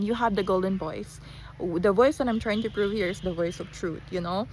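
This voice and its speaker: A woman's voice: mid-range voice, normal speed, darkish tone, slight background noise. Filipino woman rambling just after waking. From Philippines. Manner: rambling, frequent restarts and fillers, mixes in Tagalog phrases. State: just woken up. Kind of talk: casual rambling monologue.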